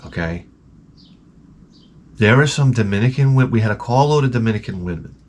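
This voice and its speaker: A man hosting his vlog, telling a profane comic story in an animated rant full of stammered restarts. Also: fairly low pitch, fairly quick. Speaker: vlogger host.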